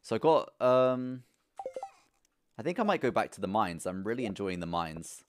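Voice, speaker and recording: A young man streaming a farming game live, chatting playfully to his viewers, swinging between low mutters and excited, cooing bursts. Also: normal speed, slight background noise. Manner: playful, talks to chat, coos at his pet.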